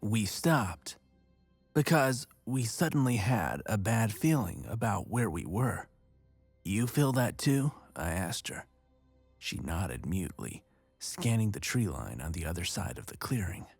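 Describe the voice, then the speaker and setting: A man narrating a first-person horror story in a measured, steady way. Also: fairly low pitch, gravelly, husky, no room sound. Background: faint music.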